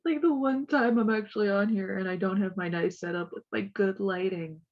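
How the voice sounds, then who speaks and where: A stuffed-up woman from West Virginia chats and rambles casually on a stream, laughing often. Her voice is medium in pitch and her pace brisk. The audio is dull and lo-fi.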